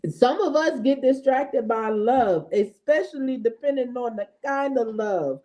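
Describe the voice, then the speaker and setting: Lively woman giving a casual devotional. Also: a little high, measured pace. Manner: lively, talks to viewers as "y'all", frequent "right?" and "okay?". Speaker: host of a faith affirmation show.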